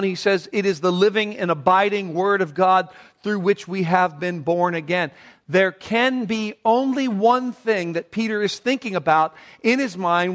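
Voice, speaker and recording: A man preaching a sermon as pastor, slowing and rising in pitch to stress key words. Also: fairly bright tone. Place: church sanctuary.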